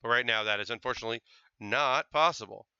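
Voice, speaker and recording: Bright chatty man streaming a model build. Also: mid-range voice, fast, clean tone, dry recording, dull audio. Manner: chatty, thinks aloud with fillers, speaks to chat. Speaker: livestreamer building model kits. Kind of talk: casual live-stream chat while building.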